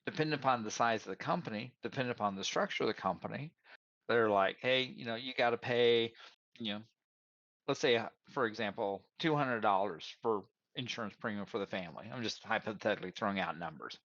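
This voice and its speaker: A man's voice: fairly low pitch, a little fast, a bit bright, no room sound. Man telling career stories, dry dull sound. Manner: storytelling, acts out both sides of dialogues; addresses listeners as y'all. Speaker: career advice speaker. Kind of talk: casual advice talk.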